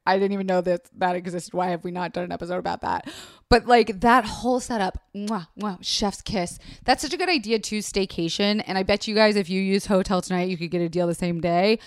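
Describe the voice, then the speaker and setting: A woman's voice: medium pitch, no room sound. Female podcast host, gushy and profane, casual chat, dry close sound. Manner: gushing, swears freely. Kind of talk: casual chat reacting to voice notes.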